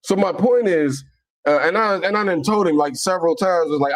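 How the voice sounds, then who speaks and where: A man from Cincinnati with a Southern-leaning accent, talking in a casual, animated monologue full of stammered restarts. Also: high-pitched, brisk. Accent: Cincinnati, Southern-leaning American. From Cincinnati, Ohio, USA. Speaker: Islamic commentator.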